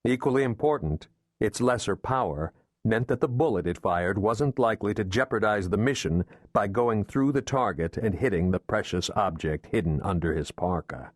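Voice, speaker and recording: A man narrating a thriller audiobook in a measured, steady storytelling manner. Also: fairly low pitch, no echo, studio quality.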